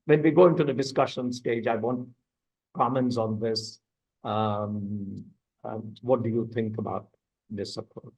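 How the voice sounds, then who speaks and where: A man's voice: on the low side, steady tone, unhurried, a little mellow, slightly rough, low-quality recording. A man leading a coaching masterclass, explaining step by step and asking the audience questions. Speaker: coaching instructor. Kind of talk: online masterclass teaching.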